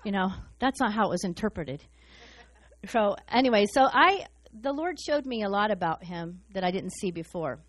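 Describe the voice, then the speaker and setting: A woman preaching a sermon in a fast, excited, humorous way. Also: medium pitch, no room sound.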